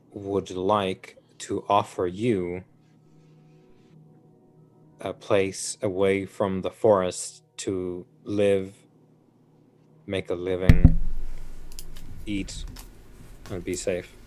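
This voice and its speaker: A man in a tabletop game, voicing his character in a formal, unhurried way with small hesitations. His voice is very deep and his pace slow. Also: little pitch movement, darkish tone, slight background noise. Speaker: player.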